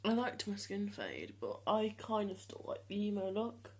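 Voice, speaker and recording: This teenage vlogger, seventeen, chats hesitantly to the camera, starting over often and filling gaps with um. His deliberately lowered voice carries a sing-song lilt.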